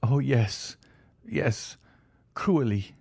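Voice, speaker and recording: A man's voice: very animated, extremely slow, gravelly, a little mellow, breathy edge, no room sound, exaggerated voice. A man voicing a starving old male banker held prisoner, pleading in a raised, desperate voice. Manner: desperate, high-pitched begging.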